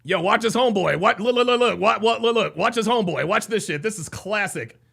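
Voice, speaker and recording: Hyped-up guy reacting live, really high bright voice with gravelly edges, keeps laughing and yelling. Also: fairly quick. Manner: excitable, laughing, shouting, repeats himself. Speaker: live stream host.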